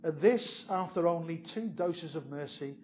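Emphatic preacher man, slightly high voice. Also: unhurried, a little hiss or hum. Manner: rhetorical questions, builds from quiet to emphatic. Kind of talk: sermon.

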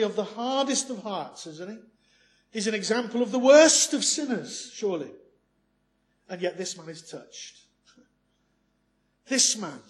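Male preacher, high-pitched, earnest sermon delivery with rhetorical questions and hushed asides.

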